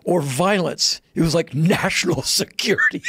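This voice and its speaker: A man with a fairly high, gravelly and husky voice tells a story in casual podcast chat. He gets animated and jumps into loud high voices when he quotes people. The sound is dry and close to the mic. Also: normal speed, dry recording. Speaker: podcast guest.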